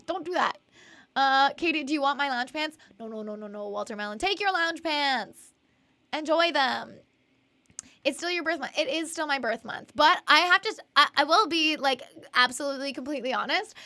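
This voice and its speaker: Young woman, live-stream host, high voice, giggly, rambling, reading chat. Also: moderate pace, sharp tone. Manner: bubbly, giggly, rambling, reads chat aloud.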